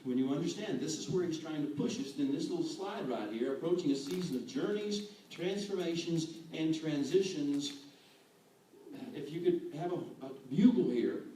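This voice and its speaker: Man, guest preacher, mellow voice, very echoey room, distant mic. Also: fairly high pitch, moderate pace, slight background noise. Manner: animated, acts out quoted voices, chuckles. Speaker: guest speaker. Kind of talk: sermon. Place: church hall.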